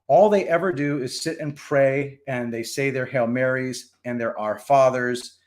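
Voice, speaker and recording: A man voicing a calm, reassuring priest who comforts a worried woman in a joke. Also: medium pitch, unhurried, close to an everyday voice. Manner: soothing, fatherly.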